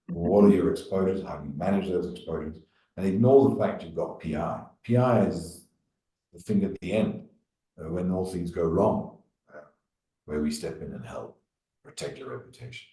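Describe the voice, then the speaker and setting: A deep-voiced man answers as a webinar panelist, blunt and plain-spoken. He sits back from the mic, so his low, mellow voice sounds distant and roomy. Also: animated, normal speed. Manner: blunt, informal, with fillers. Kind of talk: online panel discussion.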